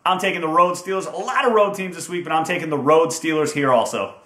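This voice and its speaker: A man's voice: fairly high pitch, fast, sharp tone. A man hosting a casual football predictions video, upbeat and teasing, stretching out team names for fun. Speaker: host of a sports picks video. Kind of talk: casual sports predictions chat. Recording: echoey room.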